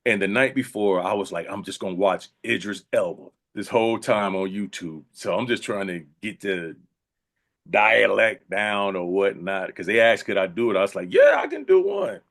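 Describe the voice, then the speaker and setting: A man, an actor being interviewed, telling funny anecdotes in a casual, animated way, slipping into voiced quotes. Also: sits low, moderate pace. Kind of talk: casual storytelling.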